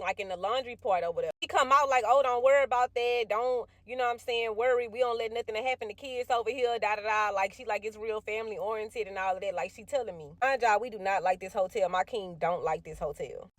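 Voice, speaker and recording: A woman's voice: mid-range voice, no echo. A woman in her thirties, a mother, telling a personal story in a casual storytime vlog with lots of slang.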